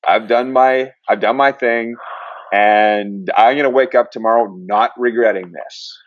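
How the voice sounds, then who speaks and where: A man's voice: medium pitch, a little slow, dry recording. A man who works as a sober coach, talking casually as an interview guest and acting out the people he quotes. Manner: animated storyteller, acts out quotes. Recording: dry, slightly dull studio sound.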